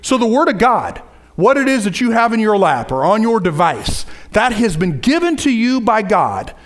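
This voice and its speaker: A man preaching a sermon, lively, with asides and repeated phrases. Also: high-pitched, normal speed. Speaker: pastor.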